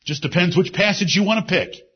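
A man preaching a sermon with emphasis. He repeats key phrases and drops into low asides. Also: a little fast. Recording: dull lo-fi sermon recording.

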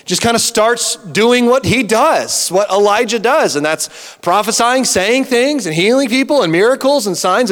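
A man preaching a sermon as a pastor, telling stories in an animated way and acting out the dialogue himself. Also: high voice. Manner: animated storytelling with acted-out dialogue. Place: church hall. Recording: long church hall reverb.

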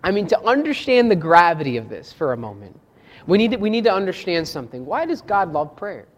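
A preacher giving a sermon and reading scripture aloud, shifting between quiet, low reflective lines and raised, emphatic ones, often asking rhetorical questions. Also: sing-song, a little fast.

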